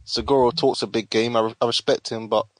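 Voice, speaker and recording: A man's voice: mid-range voice, steady tone, quick pace, a little hiss or hum. A man co-hosting a boxing podcast, teasing and laughing in casual slangy chat. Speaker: podcast co-host.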